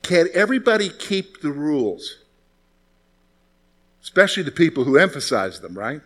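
Male pastor, slightly high voice, conversational sermon full of rhetorical questions and anecdotes. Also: normal speed. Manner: conversational preaching with rhetorical questions, lively storytelling.

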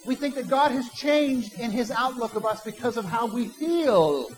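A man's voice: very high-pitched, animated, normal speed, poor audio. A man, a pastor, preaching a conversational sermon with personal asides and quoted imagined voices.

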